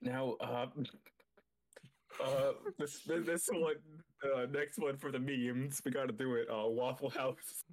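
A man's voice: medium pitch, fairly even intonation, slow, pauses often. Easygoing man in casual chat. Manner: easygoing, agreeable, hesitant with fillers. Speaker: co-host.

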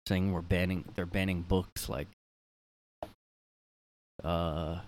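Rambling low-voiced man, solo podcast. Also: little pitch movement, takes it slowly, slight background noise. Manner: rambling, filler-heavy, sardonic. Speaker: podcast host. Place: his room.

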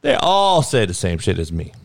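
A man's voice: deep voice, huge pitch swings, normal speed, dry recording. Guy going off on a sports rant, cussing a lot, voice jumps all over, dry mic. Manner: blunt, heated, swearing, rising to a yell. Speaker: podcast host.

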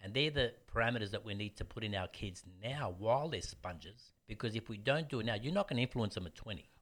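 A man's voice: on the low side, fast talker. A man, a martial arts teacher telling stories bluntly in casual interview chat. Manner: animated storyteller, blunt.

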